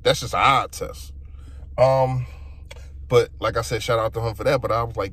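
A man's voice: medium pitch, normal speed, a bit bright. A young man delivers a frustrated sports opinion rant and talks straight to his listeners. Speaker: sports fan vlogger.

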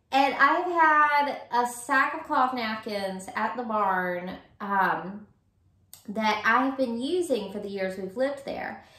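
Opening gifts in a casual vlog, a Virginia woman in her 30s sounds effusive and gushing, drawing her words out slowly. Her voice is high and a bit bright, with a roomy echo around it.

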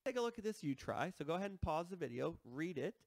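A man's voice: fairly high pitch, very animated, fast talker, dry recording. A man teaching a math lesson, explaining step by step and checking in with listeners as he works through problems.

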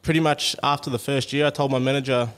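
Relaxed young man from Brisbane. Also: medium pitch, fast. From Brisbane, Australia. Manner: relaxed, plain-spoken, many fillers. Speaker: guest athlete. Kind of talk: casual chat.

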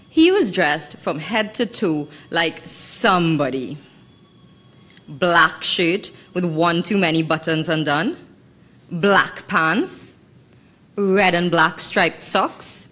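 Young woman, sardonic live reading, unhurried, lower voice. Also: a bit bright. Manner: wry, sardonic and deliberate. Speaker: author reading her work. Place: festival venue hall.

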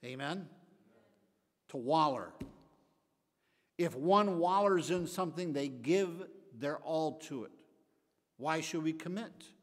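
An older man, the pastor, teaching a Bible study in a folksy preaching style, rising to emphatic bursts and then dropping to quiet asides. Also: fairly high pitch, lively intonation, takes it slowly, pauses often. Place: church sanctuary. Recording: long echoey hall reverb.

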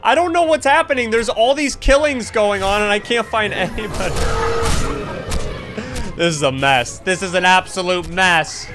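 A young man with a notably high voice narrates his gameplay with excited energy. He laughs often and keeps calling out to his teammates as he plays. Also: measured pace, over music. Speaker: gaming YouTuber.

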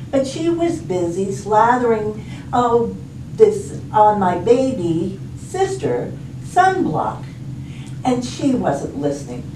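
Librarian reading storytime, unhurried and lively, echoey library room, far from the mic. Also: female voice, fairly high pitch, background noise. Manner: expressive, slow storytelling. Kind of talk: storybook read-aloud. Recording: roomy, distant, faint ambience.

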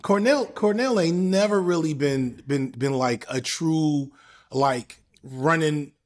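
A man's voice: on the high side, slow. A young man in a casual panel discussion, talking bluntly with many restarts and fillers.

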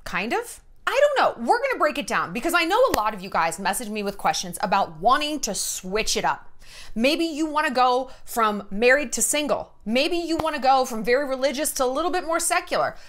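A woman's voice: fairly high pitch, sing-song, fairly quick, fairly bright tone. A woman in her thirties hosting a casual vlog from home, talking bluntly and putting on an exaggerated Texas drawl. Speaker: vlogger host. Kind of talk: casual to-camera commentary.

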